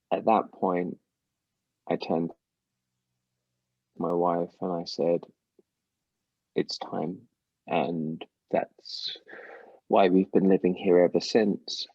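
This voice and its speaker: A middle-aged man with an English accent, a musician guest telling stories with animated voice jumps. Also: no echo, highs cut off. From England. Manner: animated storyteller, mimics voices with big pitch jumps. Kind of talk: casual interview over a call.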